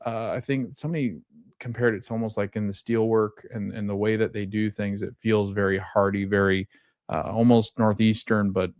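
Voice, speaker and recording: A man with a fairly low voice talks through a TV episode recap in loose, meandering sentences, often stopping to restart a thought. The recording is dry and close, with no room sound around him. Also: no room sound. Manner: rambling, with fillers and self-corrections. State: just waking up, coffee kicking in. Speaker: podcast host. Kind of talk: casual recap commentary.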